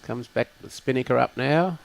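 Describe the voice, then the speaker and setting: A man co-commentating live lawn bowls, agreeable and measured. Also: mid-range voice, creaky. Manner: agreeable, brief affirmations and measured analysis.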